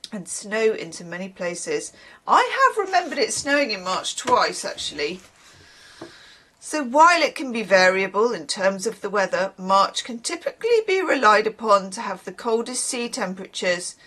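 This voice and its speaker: A woman in mid-range pitch who talks with a bouncy, lively lilt. She chats casually to camera as a tarot reader, wandering off into tangents and dry little asides. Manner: chatty and rambling, with wry asides.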